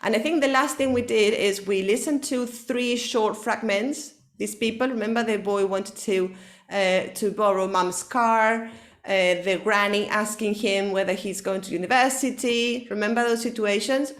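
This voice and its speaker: A woman's voice: mid-range voice, steady tone, moderate pace. A woman whose first language is Spanish, teaching an online one-to-one English lesson, explaining pronunciation and often checking with "okay?" and Spanish asides.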